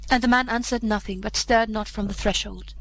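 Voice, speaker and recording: A woman reading an old fairy tale aloud in a measured, gentle storytelling manner. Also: medium pitch, fairly even intonation, slight background noise, poor audio. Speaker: narrator.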